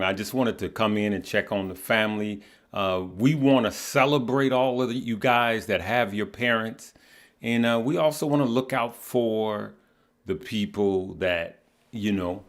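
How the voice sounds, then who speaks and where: A middle-aged man hosting a casual livestream, greeting viewers by name in a relaxed, heartfelt way. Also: lowish voice. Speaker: livestream host.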